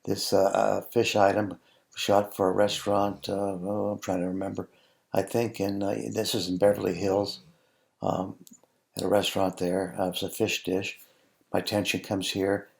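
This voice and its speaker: A man, a food photographer, talking through his photos in a relaxed, halting way with many ums and restarts. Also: low voice, vocal fry. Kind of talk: casual tutorial narration over photos.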